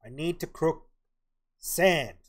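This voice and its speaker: Speaking slowly in a slightly high voice, a young guy talks his way through a live game stream. It's casual commentary, with him muttering plans under his breath and thinking out loud.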